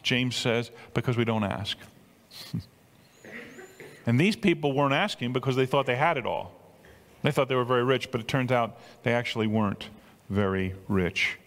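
A man's voice: mid-range voice, animated, moderate pace, long pauses, fairly bright tone, long reverb tail. An older man preaching a sermon in a conversational way, often repeating words and building to emphatic peaks. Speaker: pastor.

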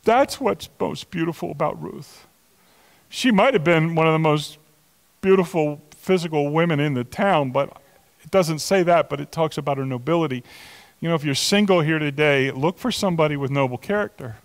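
An older pastor in his sixties delivers a sermon with a slightly raised pitch for a man. He tells stories in an animated, chatty way, full of asides and restarts. His voice rings out with a long reverb, as in a large hall. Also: normal speed. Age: 60s.

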